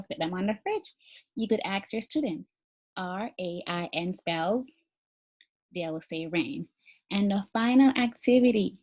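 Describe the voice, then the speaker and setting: Woman, early literacy teacher, encouraging, talks to parents, spells words letter by letter, mid-pitched voice. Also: a little mellow. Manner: encouraging, speaks directly to parents; models activities step by step, spelling words letter by letter. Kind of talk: instructional video for parents.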